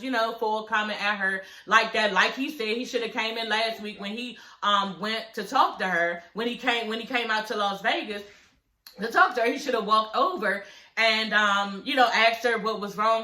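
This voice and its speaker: A young woman, casually recapping a reality TV episode, profane and animated, talking straight to her viewers. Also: a little high, moderate pace, roomy sound, low-quality recording.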